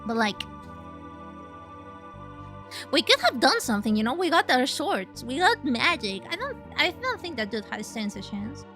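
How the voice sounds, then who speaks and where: A woman streamer whose first language is Spanish, chatting excitably over a game, swearing and leaping up in pitch. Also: moderate pace, pauses often, soft background music. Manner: excitable, jumps high in pitch, swears, laughs. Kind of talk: live game stream chat, reading dialogue aloud.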